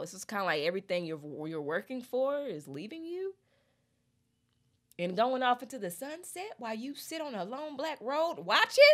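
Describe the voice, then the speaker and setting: A young woman, chatting expressively in a casual lyric breakdown and reading lyrics aloud slowly. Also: medium pitch, fairly bright tone. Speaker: music reaction host.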